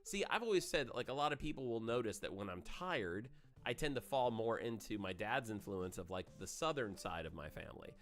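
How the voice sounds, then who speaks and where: A man in his forties, from Maine, chats casually as host of a gaming livestream. He rambles from story to story in a polished FM radio voice whose pitch swings around. Faint music plays in the background. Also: expressive, fairly quick.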